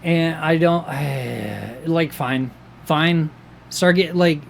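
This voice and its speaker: A man reviewing a wrestling show in casual chat, excitable and rambling, with many fillers and restarts. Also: fairly high pitch, drawn-out words, creaky.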